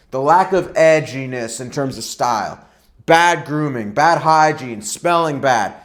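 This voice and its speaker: A young man coaching viewers on dating in a blunt, emphatic way, often tagging his points with "right?". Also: fairly high pitch. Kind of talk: direct-to-camera advice vlog.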